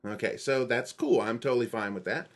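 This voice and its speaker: A man's voice: mid-range voice, a little fast. A man as a podcast guest in casual chat, rambling and repeating words as he explains things.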